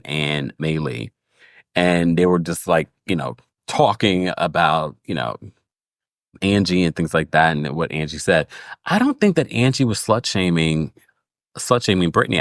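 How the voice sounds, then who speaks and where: A man's voice: low-pitched, no echo, clean studio sound. A man hosting a casual reality TV recap, talking animatedly and acting out quotes in a raised voice. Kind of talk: casual commentary.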